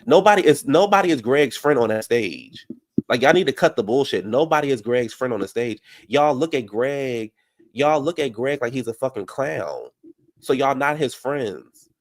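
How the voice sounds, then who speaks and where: Man, reality TV recap, profane, heated, brash. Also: lowish voice. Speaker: recap commentator.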